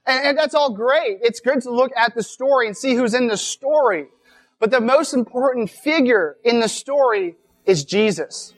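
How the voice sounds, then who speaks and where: A woman's voice: on the high side, animated, moderate pace. A woman giving a conversational sermon at a weekend retreat, repeating words as she goes and often asking "right?". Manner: casual, repeats words, asks rhetorical questions. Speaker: speaker at a weekend church retreat.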